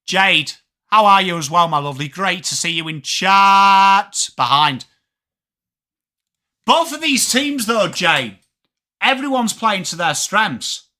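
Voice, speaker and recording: A young English man hosting a live sports watchalong, talking fast and casually, swearing freely and answering chat by name. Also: high voice. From England. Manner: animated, swearing, reads chat names aloud. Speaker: livestream host.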